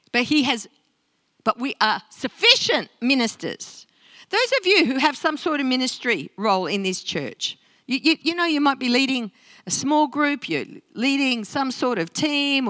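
A woman pastor preaching a sermon in a church, animated and talking straight to the congregation. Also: high-pitched, dry recording. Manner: animated, interactive preaching with acted-out quotes. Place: church service.

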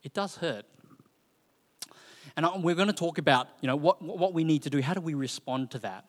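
Male preacher, chatty and animated, slightly high voice, long reverb from a church hall. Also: fairly quick. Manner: conversational, animated storytelling with frequent fillers. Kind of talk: sermon.

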